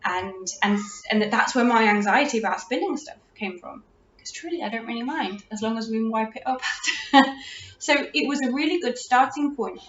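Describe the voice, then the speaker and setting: Une femme britannique d'âge moyen qui parle de façon décontractée, avec une voix assez aiguë. Elle se reprend souvent en milieu de phrase. L'enregistrement est lointain, réverbéré et un peu étouffé. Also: female voice, on the high side, normal speed. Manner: chatty, restarts, warm laughs. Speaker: parenting podcast host. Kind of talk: casual advice talk. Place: room at home. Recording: roomy, distant, dull lo-fi audio.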